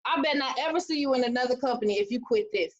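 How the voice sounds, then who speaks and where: High-voiced woman leading a webinar. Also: quick pace. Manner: animated, preachy, acts out quotes in a high voice. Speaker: team leader. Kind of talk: motivational webinar talk. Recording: dull lo-fi webinar audio.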